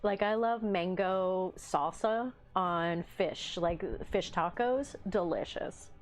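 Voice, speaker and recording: A woman's voice: on the low side, slow, soft background music. A woman hosting a livestream in casual chat, reading the live chat aloud with playful teasing and frequent laughter. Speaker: livestream host.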